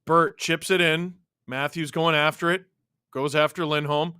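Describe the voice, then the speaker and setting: A male host watching a hockey game live, calling the plays, reacting loudly and reading out chat messages. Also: fairly high pitch, fairly even intonation, a little slow, clear, resonant tone, dry recording, clean studio sound. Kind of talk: live watch-along commentary and chat replies.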